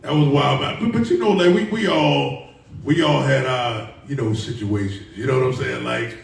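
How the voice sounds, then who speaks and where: A man hosting a podcast, talking in a relaxed, conversational way. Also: mid-range voice, normal speed, creaky. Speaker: podcast host. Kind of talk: casual chat. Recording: echoey room, distant mic.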